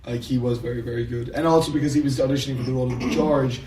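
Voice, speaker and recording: A man's voice: mid-range voice, steady tone, rapid-fire, darkish tone, recorded from a distance. An Irish man with a sore throat, chatting casually on a podcast with dry humour and lots of fillers. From Ireland. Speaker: podcast host, filmmaker. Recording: roomy echo, off-mic, faint ambience.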